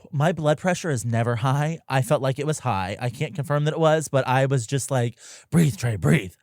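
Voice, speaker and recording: A man co-hosting a podcast in casual chat, talking expressively and jumping high in pitch when he quotes people. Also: moderate pace, no echo, studio quality. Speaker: podcast co-host.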